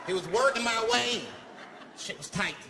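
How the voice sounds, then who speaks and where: A male stand-up comedian telling a story in an animated, profane way, swinging between mumbles and shouts, on stage before a live audience. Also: very high voice, moderate pace, gravelly. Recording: live comedy club with crowd laughter and noise.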